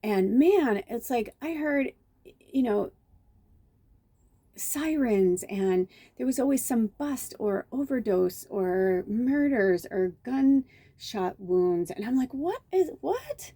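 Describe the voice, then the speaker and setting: A woman's voice: a little high, takes it slowly, dark tone, no echo. A middle-aged woman, a medium, telling chatty, rambling stories in a casual spiritual vlog, full of restarts and fillers. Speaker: medium and tarot reader.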